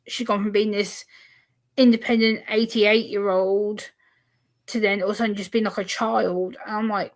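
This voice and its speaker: A woman's voice: medium pitch, fairly even intonation, normal speed. A woman, a guest on a video-call chat, telling a personal story and acting out the other people's voices. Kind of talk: casual chat.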